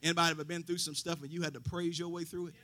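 A middle-aged pastor delivers a sermon in a fairly high, bright, forceful voice. He swings from loud preaching to hushed asides, dropping in folksy stories along the way. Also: level tone, rapid-fire.

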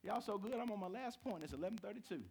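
A man preaching a sermon to a live congregation, telling stories with big swings from quiet to shouting. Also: fast talker, vocal fry, slightly rough. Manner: animated storytelling, swinging from low to shouted. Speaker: pastor.

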